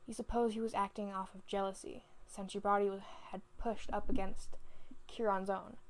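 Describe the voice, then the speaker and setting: A woman's voice: mid-range voice, flat delivery, normal speed, slight background noise, poor audio. A woman casually reading fanfiction aloud at home, often stumbling over and correcting words. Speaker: fanfiction reader.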